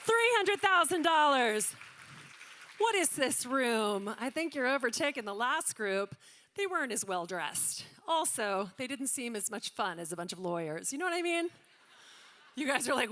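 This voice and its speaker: High bright woman calling a charity auction. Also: lively intonation. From Louisiana, US. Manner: rapid number-calling with joking asides. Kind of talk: live paddle-raise auction calling. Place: large banquet hall.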